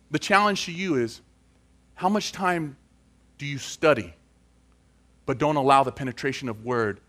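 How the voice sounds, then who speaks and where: A man's voice: mid-range voice, unhurried, long pauses, fairly bright tone. A man preaching a sermon and closing in prayer, earnest and building to emphatic questions.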